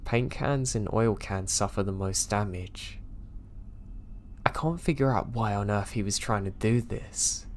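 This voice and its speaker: Low-voiced man reading horror stories. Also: unhurried, a little mellow, slight background noise. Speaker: horror story narrator. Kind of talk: scripted narration of listener stories.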